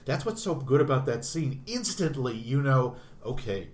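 A man's voice: mid-range voice, sing-song, normal speed, a little mellow. A man in a casual film discussion, talking animatedly and acting out the quoted lines. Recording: roomy with faint noise.

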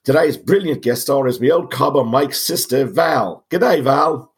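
A man with a raspy, cold-roughened voice putting on an over-the-top fake Australian accent as a joke. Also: mid-range voice, expressive, unhurried, pitched above the performer's own voice. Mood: hammy. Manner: over-the-top, joking slang.

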